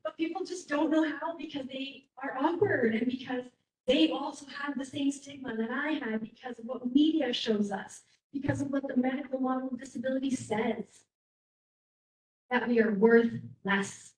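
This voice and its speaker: A woman's voice: high voice, a little mellow. A woman with a Canadian accent giving a casual, frank keynote speech, stressing points by repeating them. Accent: Canadian English. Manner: casual and frank, with quick laughs and emphatic repetition. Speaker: keynote speaker. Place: large hall. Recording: echoey hall, mic at a distance.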